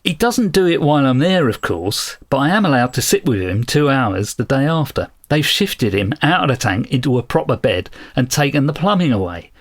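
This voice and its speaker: A man's voice: medium pitch, big pitch swings, normal speed, few pauses, pitched above the performer's own voice. A working-class teenage farm girl with a Cockney accent, as a man puts her on in a raised voice. She tells her story in a chatty, matter-of-fact way, as if reading it aloud.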